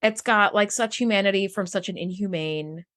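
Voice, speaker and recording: A woman's voice: mid-range voice, moderate pace, fairly bright tone. A woman co-hosting a podcast who gushes emotionally about a TV episode and peppers her speech with "like.". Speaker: podcast co-host. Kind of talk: casual chat about a TV episode.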